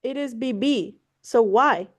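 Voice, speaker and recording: On a video call, a woman tutors Spanish one-on-one in a slightly high voice at a slow pace. She explains things casually and encouragingly, moving between English and Spanish, laughing easily and dropping the odd offhand swear word.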